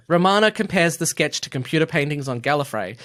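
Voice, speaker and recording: Dry sarcastic man with lively pitch. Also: fairly quick. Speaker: podcast co-host. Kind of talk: casual chat, reading episode notes.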